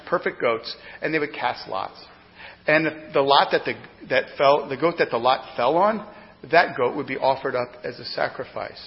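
Male pastor, higher-pitched, emphatic sermon delivery, loud to hushed; muffled recording with a long church echo. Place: church sanctuary. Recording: dull lo-fi sound with long hall reverb.

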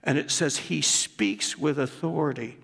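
A man's voice: mid-range voice, unhurried, vocal fry, fairly bright tone. An older man preaching a sermon as pastor, telling stories earnestly and building to emphatic passages. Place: church sanctuary. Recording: long reverb of a church hall.

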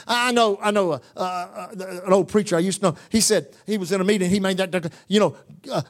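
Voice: mid-range voice, fast talker. A preacher delivering a sermon, repeating phrases for emphasis and quoting scripture in old-fashioned wording. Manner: animated, repetitive emphatic preaching with asides; quotes scripture in King James wording.

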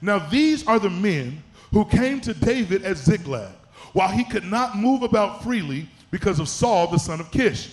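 A man's voice: high-pitched, big pitch swings, normal speed. A middle-aged man preaching a sermon in a church, building to chanted, emphatic peaks. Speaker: pastor.

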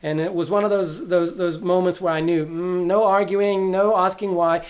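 A man's voice: high voice, fairly even intonation, moderate pace. A middle-aged man giving an earnest, sermon-style Bible teaching, repeating key phrases for emphasis as he tells a family story.

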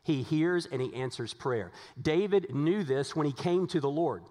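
A man's voice: fairly high pitch, animated, moderate pace, a little mellow, in a large hall. A man preaching a sermon as pastor, earnest and repetitive, asking his congregation rhetorical questions.

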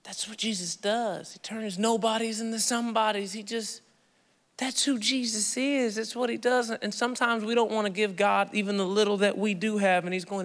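A man preaching a sermon as pastor, animated and conversational, with playful asides to the congregation. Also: sits high, normal speed. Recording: long hall reverb.

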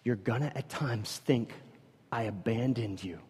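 A man preaching a sermon, swinging from loud emphatic bursts to hushed, low passages. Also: a little slow, breathy edge. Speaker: pastor. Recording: reverberant hall.

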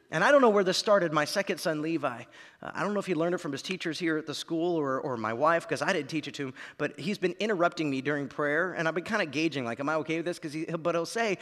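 A man in his thirties preaching a sermon, dropping to quiet lines and then building to shouts. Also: on the high side, rapid-fire. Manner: dramatic, swings from quiet to shouting. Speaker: pastor. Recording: long reverb of a large hall.

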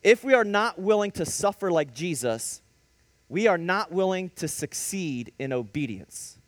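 A man preaching with a high, animated voice that swings widely as he tells stories and drives home his points. The sound is dry and close, with no room around it. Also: measured pace, dry recording. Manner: animated preaching with storytelling and sudden emphatic rises. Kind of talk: sermon.

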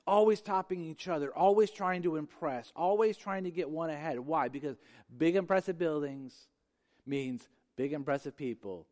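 A man preaching a sermon as pastor, with a notably high voice. He speaks with emphasis and circles back to repeat key phrases. His voice rings out with a long reverb, as in a large sanctuary. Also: normal speed, darkish tone.

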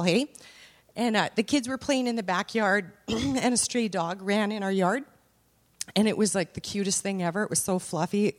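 A woman with a fairly high voice preaches a sermon conversationally, weaving scripture together with family anecdotes and building to emphatic peaks.

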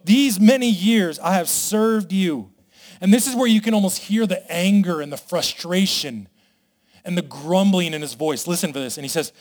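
A man preaching a sermon, animated and conversational, acting out the characters' complaints as he retells a parable. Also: sits high. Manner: animated, voices the brothers' complaints dramatically. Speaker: pastor.

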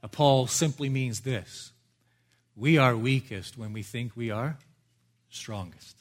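A man preaching a sermon with earnest emphasis, his voice sinking low and soft at the ends of phrases before lifting loudly again. He repeats key lines for weight and addresses listeners directly as friends. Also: slow. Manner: swings between hushed low phrases and loud lifts. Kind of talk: expository sermon.

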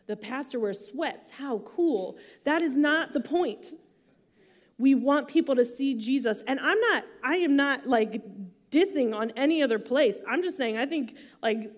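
A woman's voice: high voice, darkish tone. A woman preaching a sermon in a casual, chatty way, using slang and asides. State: emotional, near tears. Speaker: pastor.

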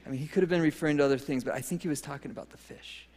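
A male pastor with a fairly high voice preaches in a church, repeating phrases with rising emphasis and little laughs between points. His words carry a long reverb from the big sanctuary, and in prayer he sinks to a soft, almost whispered tone. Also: racing. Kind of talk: sermon ending in a prayer. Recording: long reverb of a large hall.

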